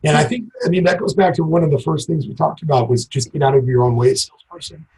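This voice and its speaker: A man's voice: fairly high pitch, fast talker, darkish tone, poor audio. Guy guesting on a podcast, upbeat, tossing out tips, bit of faint noise behind. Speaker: podcast guest, sales coach. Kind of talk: casual interview chat.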